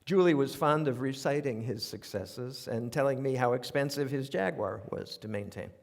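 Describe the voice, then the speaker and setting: An older New York guy with a gravelly, mid-range voice delivers a funny storytelling monologue at normal speed, wry and conversational with animated asides. He's a radio commentator performing essays on stage for a live audience, and the big theater gives the recording a long reverb.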